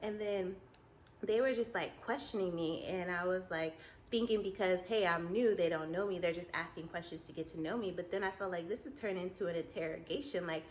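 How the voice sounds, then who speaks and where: A woman's voice: on the low side, slight background noise, rough recording. Chatty woman vlogger telling dream stories. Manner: animated, chatty, quick to laugh. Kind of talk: casual storytelling to viewers.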